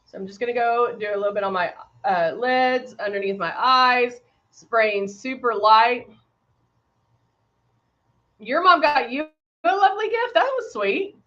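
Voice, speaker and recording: A woman's voice: fairly high pitch, a little slow, long pauses, fairly bright tone, lo-fi sound. A woman casually demonstrating airbrush makeup on a livestream, greeting viewers by name while she works. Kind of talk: casual live makeup demo chatting with viewers.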